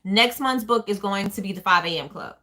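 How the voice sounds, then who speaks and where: A woman's voice: medium pitch, a little fast, pushed and bright. A woman hosting a casual live stream, chatting and answering viewer comments as they come in. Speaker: small business owner hosting a live stream.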